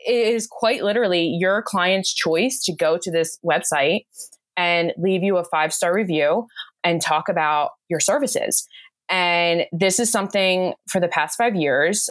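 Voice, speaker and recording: A woman's voice: on the low side, no echo, studio quality. A woman from the United States, a bridal makeup artist, talking as an interview guest in an effusive, gushing way. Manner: effusive, gushing, repeats "quite literally". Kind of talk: casual interview chat.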